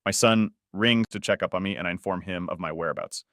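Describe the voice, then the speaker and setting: A man reading a first-person story aloud as scripted narration, in a steady, measured way. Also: low-pitched, no room sound, studio quality.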